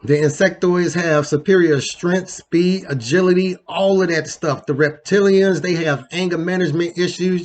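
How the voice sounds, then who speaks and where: A man's voice: a little high, a little mellow. A man hosting a casual countdown show, talking loosely and conversationally with lots of slang and asides. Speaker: host. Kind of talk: casual ranking commentary.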